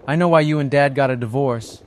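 A man's voice: medium pitch, a little fast, voice pushed up, close to an everyday voice. Smug nosy schoolboy in a told joke, voiced by a man. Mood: cheeky. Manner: boastful, blunt questioning. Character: cheeky young boy, nosy and smug.

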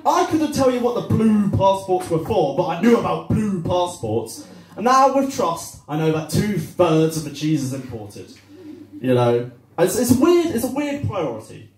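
A man's voice: high voice, sing-song, moderate pace, a little mellow. Rambling young male stand-up comic. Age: young adult. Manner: rambling, self-deprecating, many fillers. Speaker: stand-up comedian. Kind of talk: stand-up comedy set. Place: cafe-bar comedy night. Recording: roomy live room, distant mic.

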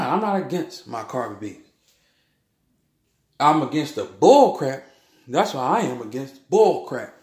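A man's voice: medium pitch, roomy sound. A man, rambling through a heated spiritual monologue, repeating himself and ending his lines with "man". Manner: heated, repetitive, keeps saying "man" and "bull crap".

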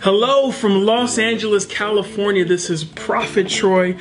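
A man with a high voice gives a cheerful, laughing birthday greeting. He speaks as a pastor greeting someone warmly on a recorded message. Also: unhurried.

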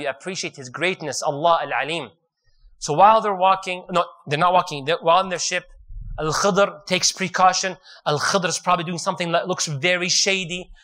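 A high-voiced man preaches a sermon, retelling a story in an animated way while joking and laughing with his audience.

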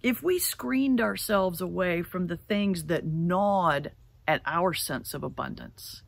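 A middle-aged woman pastor giving a sermon, telling a folk tale in an animated way and slowing down to stress key words. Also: fairly low pitch, creaky, dry recording. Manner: animated storyteller, slows for emphasis. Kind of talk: sermon with storytelling. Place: church sanctuary.

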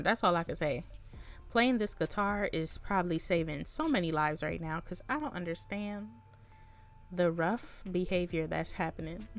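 A woman hosting a casual let's-play, chatting to viewers in an animated, exclaiming way with frequent laughs and slang. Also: medium pitch, vocal fry. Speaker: gaming channel host.

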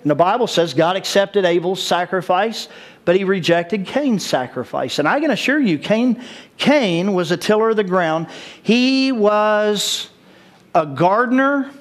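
High-voiced, animated male pastor preaching. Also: unhurried. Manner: animated, laughs at his own jokes. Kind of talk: sermon.

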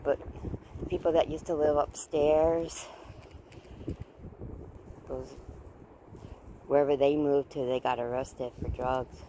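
A woman's voice: low-pitched, flat delivery, takes it slowly, long pauses, warm tone, slight background noise, low-quality recording. A woman chatting casually in a rambling, repetitive way while walking her dog and cooking, now and then baby-talking to the dog. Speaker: vlogger.

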